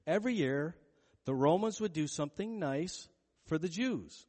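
A man with a fairly high voice preaching in a relaxed, chatty way, telling a story and slipping into the voices of its characters. His words ring out with the long reverb of a large church hall. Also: moderate pace. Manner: conversational, storytelling with acted-out quotes. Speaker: pastor. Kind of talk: sermon.

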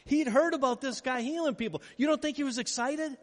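A man with a high voice delivers a sermon in a large hall, and the long reverb trails after his words. He tells the story with animation, acting out the scenes as he goes. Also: brisk. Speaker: pastor.

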